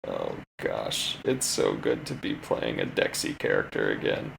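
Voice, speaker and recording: A man playing a tabletop game, describing his character's actions in a relaxed, playful way. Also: a bass voice, unhurried, creaky, a little hiss or hum. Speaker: player.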